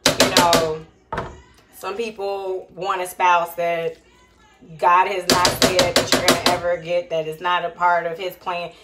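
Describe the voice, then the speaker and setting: A woman's voice: fairly low pitch, flat delivery, measured pace, heavy background noise. A woman hosting a casual cooking stream from a home kitchen, chatting loosely while she cooks and sharing faith-based encouragement. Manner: chatty, preachy, loose and conversational. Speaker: cooking show host.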